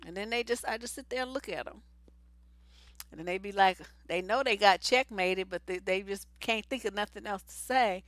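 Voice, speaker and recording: A relationship coach woman talks straight to her viewers, blunt and full of slang. Her voice is bright and a little high. The sound is dry and close, with no room in it. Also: dry recording. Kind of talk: casual live stream advice.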